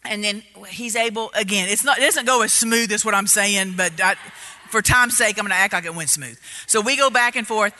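A woman telling a story in a sermon, animated and loud, getting louder as she gets excited. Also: mid-range voice, fairly quick, slight background noise. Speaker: preacher. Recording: reverberant hall.

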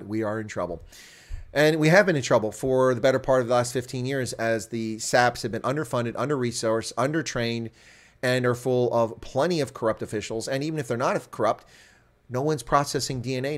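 A man hosting a daily news rundown, delivering opinionated, sarcastic commentary with open scorn. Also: mid-range voice.

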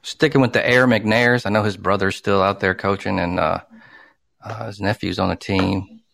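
Dude on a sports podcast, cussing and ranting, fired up. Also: male voice, fairly low pitch, fairly even intonation, moderate pace, gravelly, a bit bright, dry recording, clean studio sound. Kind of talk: casual sports chat.

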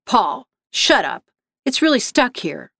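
A woman's voice: fairly high pitch, very animated, slow pace, gravelly, a bit bright, no room sound, exaggerated voice. A woman voicing a blunt, curt office worker in a spoken story. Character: office worker woman, bossy team member.

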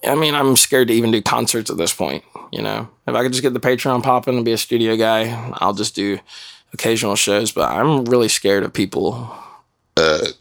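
A man hosting a podcast in casual chat, rambling and heartfelt, swearing freely as he gives shout-outs. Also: mid-range voice, a little fast, vocal fry. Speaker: podcast host.

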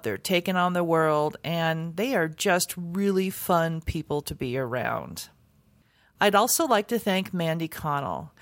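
A woman hosts a food podcast in a somewhat low voice. Her delivery is earnest and heartfelt. The sound is dry and close. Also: no room sound. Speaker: podcast host. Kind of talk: scripted podcast intro and interview.

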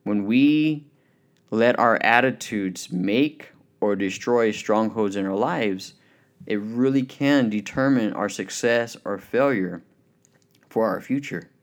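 A man preaching a sermon, telling illustrative stories and slowing down to stress the key points. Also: on the low side. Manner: storytelling, emphatic, slows down on key points.

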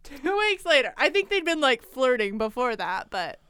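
A woman's voice: high-pitched, very animated, normal speed, a bit bright. A woman co-hosting a podcast, telling a story in a chatty, jokey way with frequent giggles. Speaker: podcast co-host. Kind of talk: casual storytelling chat.

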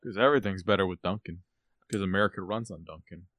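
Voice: low voice, quick pace, a bit bright, dry recording, clean studio sound. A podcast co-host in casual chat who often stammers before getting a sentence out. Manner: hesitant, stammering starts.

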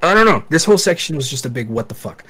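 A man co-hosting a casual podcast, excitable, swearing and stumbling over his words. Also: fairly high pitch, very fast, husky. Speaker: podcast co-host. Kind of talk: casual chat.

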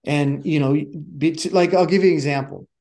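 A man's voice: fairly high pitch, a little fast. A middle-aged man who coaches communication, telling stories casually in an interview and acting out the dialogue. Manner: animated storyteller who acts out dialogue.

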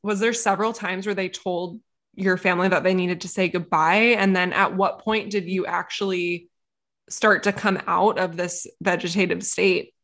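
A woman's voice: on the low side, fairly even intonation, normal speed, fairly bright tone. Sympathetic woman podcast host. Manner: sympathetic, loose questions with many likes. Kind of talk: casual interview.

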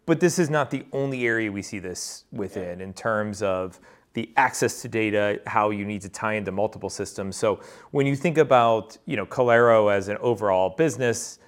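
A man's voice: lowish voice, normal speed. A man moderating a business panel, self-mocking and full of fillers as he steers the talk. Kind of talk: panel discussion.

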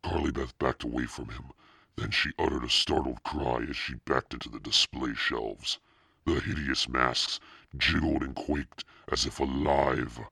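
Deep-voiced man, husky, crisp bright tone, dry close sound, audiobook narration. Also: unhurried, no room sound.

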